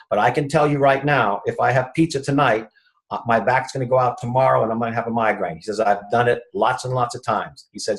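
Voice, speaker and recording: Chiropractor guy telling a story, does the voices of the people he quotes, mid pitch. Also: rough recording. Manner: retells conversations, acting out the quoted speech. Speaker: chiropractor, guest. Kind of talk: anecdotal storytelling in an interview.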